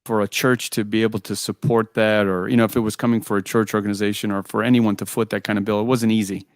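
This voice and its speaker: A man with a lowish voice talks fast in a clean, echo-free studio recording, appearing as a guest musician in a casual interview. He tells animated stories from the road, laughing often, acting out the dialogue, and saying "I go" a lot.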